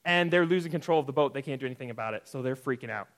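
A man's voice: mid-range voice, racing, fairly bright tone. A young man teaching a playful, jokey Bible lesson to children, often asking the audience questions. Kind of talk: lively kids' Bible lesson.

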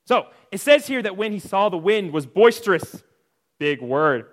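A man's voice: high-pitched, big pitch swings, normal speed. A man teaching a Bible lesson to children, retelling the story in a playful, jokey way and talking straight to the kids. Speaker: Sunday school teacher.

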